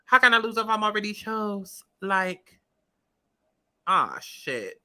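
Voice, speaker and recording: Slow and sharp-toned, this medium-pitched woman's voice makes big pitch swings. She's a commentary vlogger scrubbing through a reality-TV clip, offering casual, profane commentary directly to viewers and repeating points for emphasis.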